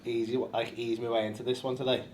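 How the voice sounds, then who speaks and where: A man's voice: medium pitch, level tone, darkish tone, slight background noise. A male stand-up comedian chatting backstage after a show, blunt and full of swearing. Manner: blunt, sweary, quick banter. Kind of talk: casual backstage chat. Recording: echoey room.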